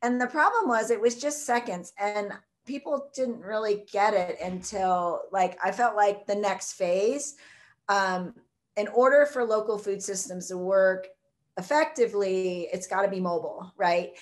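A woman's voice: mid-range voice, unhurried. A woman, talking enthusiastically as an interview guest, rambling with lots of fillers. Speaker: guest, food truck co-owner. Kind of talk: casual interview chat.

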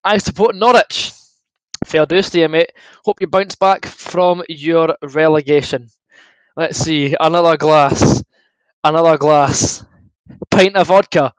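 A man's voice: fairly high pitch, unhurried, no room sound, poor audio. A young Scottish man hosting a football watchalong stream, reading out viewer comments and answering them in a chatty, good-humoured way while feeling a bit queasy from fizzy juice. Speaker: livestream host.

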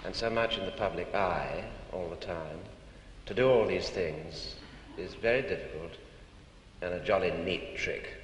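A middle-aged man in an old TV interview, polite and hesitant with gentle humour. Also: low-pitched, background noise. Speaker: interview guest. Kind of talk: archive television interview. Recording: echoey distant archive TV audio.

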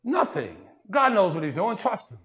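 A man's voice: sits high, huge pitch swings, moderate pace, a bit bright. A man preaching a sermon in a conversational way, often saying "see" and "watch this" and restarting his sentences. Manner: frequent restarts and stammered repeats.

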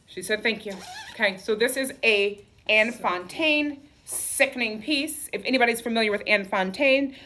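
Selling clothes live from her store, a boutique owner speaks in a fairly high, fairly bright voice. The patter is campy and sassy, packed with "okay?" and "honey".

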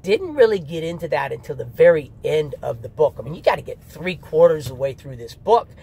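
A man's voice: fairly high pitch, big pitch swings, brisk, creaky, mellow, husky. A man giving a candid, rambling spoken review of an audiobook, with restarts and mock asides.

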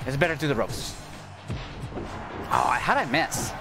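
A man giving excitable, cursing commentary while playing a video game, his voice going hoarse. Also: mid-range voice, measured pace, long pauses. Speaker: gaming channel host. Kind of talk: casual gameplay commentary. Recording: game music loud behind voice. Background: video game music.

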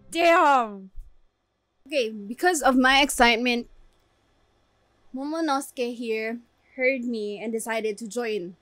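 A woman hosting an anime reaction video, giving live commentary in an excitable way, exclaiming and laughing often. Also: fairly high pitch, no echo.

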